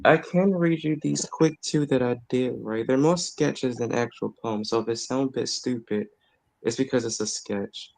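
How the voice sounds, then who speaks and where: A young man, a guest on a chat show, reading his own poems aloud in a halting way and often repeating his words. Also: medium pitch, vocal fry, a little mellow, no echo. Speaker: guest poet.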